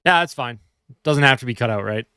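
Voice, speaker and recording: A livestream host with a medium-pitched, animated voice talks a little fast in a bright, forceful, smooth tone on a casual live fan stream. Sleepy and yawning at home, he chats and answers viewer comments, and the recording is dry and studio-clean.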